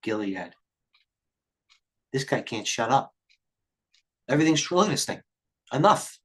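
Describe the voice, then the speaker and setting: A middle-aged man hosts a live trading stream, rambling through market commentary and jumping between tangents. His medium-pitched voice swings widely in pitch and has a fairly bright tone. He thinks fast, speaks bluntly, and curses now and then.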